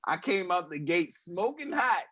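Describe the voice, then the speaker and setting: A man's voice: sits high, very animated, unhurried, noisy background. A man hosting a podcast, telling loose, slangy stories and passing questions to his co-hosts. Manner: loose, slangy storytelling, asks others in turn. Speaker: podcast host. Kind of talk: casual chat.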